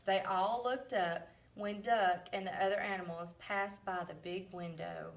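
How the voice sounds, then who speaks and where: A woman reading a picture book aloud to children, pausing to ask questions and putting on lively voices for the farm animals. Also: medium pitch, gravelly, far from the mic, slight background noise. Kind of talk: read-aloud storybook with questions.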